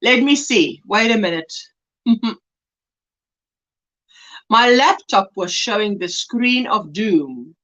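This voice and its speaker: A woman's voice: mid-range voice, animated, slow, long pauses, fairly bright tone, muffled recording. A woman with a South African accent hosting a casual crochet livestream, chatty and laughing often as she reads the chat aloud from her phone.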